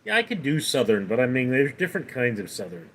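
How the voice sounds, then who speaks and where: A man's voice: medium pitch, sing-song, quick pace, slight background noise. A man hosting a casual livestream, reading viewer comments aloud and rambling with many fillers and restarts. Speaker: livestream host.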